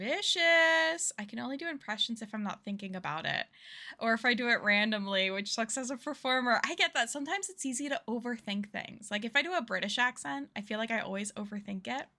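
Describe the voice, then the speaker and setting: A woman's voice: a little high, bright, forceful tone. A woman streamer in casual livestream chat while playing a game, chatty, giggly and self-deprecating.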